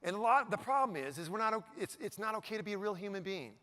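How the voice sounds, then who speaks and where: A motivational speaker delivers a live keynote from an event stage to an audience, his bright, high male voice moving at a quick clip. He's animated and jokey, regularly tossing questions out to the crowd.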